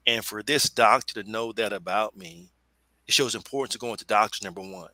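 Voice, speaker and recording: A middle-aged man speaks on a video call in an earnest, halting voice with audible feeling. His tone is bright and forceful, a little low in pitch, and the sound is dry and close. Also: dry recording, rough recording. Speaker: panelist. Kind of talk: personal testimony in a webinar.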